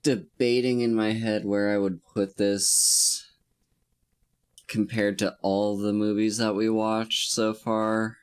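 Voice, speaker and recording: A man in a relaxed podcast conversation about monster movies, speaking very slowly with a somewhat low voice. His humor is dry, and he thinks out loud, weighing his words. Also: clean tone. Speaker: podcast co-host. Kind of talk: casual comedic film discussion.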